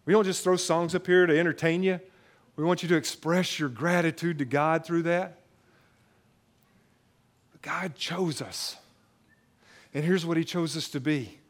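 A man's voice: fairly high pitch, fairly even intonation, unhurried, long pauses. A male pastor giving an emphatic, conversational sermon in a church, often repeating phrases for weight. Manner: emphatic, conversational preaching with repetitions.

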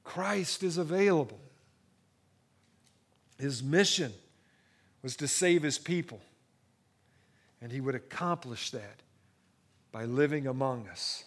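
A man preaching a sermon, swinging from hushed, intimate moments to rising excitement, often repeating and restarting phrases. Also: medium pitch, takes it slowly, long pauses. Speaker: pastor.

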